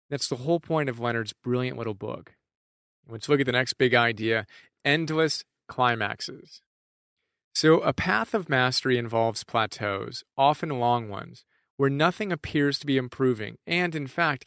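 A man's voice: medium pitch, vocal fry, a bit bright, dry recording, clean studio sound. A man in earnest, reflective scripted narration of a lesson, often putting questions to the listener. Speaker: teacher presenting book ideas.

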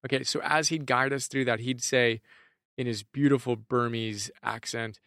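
A man's voice: mid-range voice, fairly even intonation, normal speed, fairly bright tone, no room sound, studio quality. A man in earnest, reflective scripted narration of a lesson, often putting questions to the listener. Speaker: teacher presenting book ideas.

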